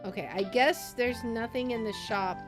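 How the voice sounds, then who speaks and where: A woman streamer chatting casually as she plays, thinking aloud in an unhurried way. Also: on the high side, music in the background. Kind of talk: casual gameplay commentary.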